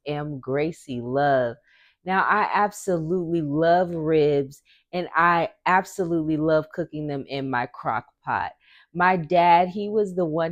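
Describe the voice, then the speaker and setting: A woman hosts her own home cooking video and walks viewers through a recipe step by step. She talks in a chatty, encouraging way, speaking straight to her audience. Her voice sits on the low side for a woman, and the sound is dry and close, with no room echo. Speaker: cooking show host.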